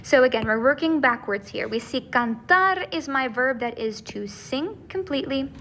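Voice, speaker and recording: A woman's voice: sits high, lively intonation, normal speed, a bit bright, a little hiss or hum. A woman teacher explaining grammar step by step, checking in often with "okay?" and "right?". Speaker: Spanish teacher. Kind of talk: recorded grammar lesson.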